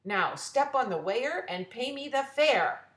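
A woman voicing an impatient, grumpy male ticket worker at a fair, gruff and bossy. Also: on the high side, very animated, slow pace. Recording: roomy echo.

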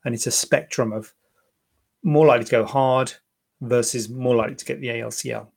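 Gravelly-voiced surgeon chatting. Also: male voice, mid-range voice, steady tone, a little fast. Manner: chatty, thinks aloud with fillers and repeats. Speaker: plastic surgeon answering viewer questions. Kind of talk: casual live Q&A.

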